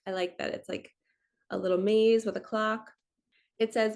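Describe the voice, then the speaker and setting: A woman manifestation coach giving casual spiritual coaching talk, relaxed and encouraging. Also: medium pitch, normal speed.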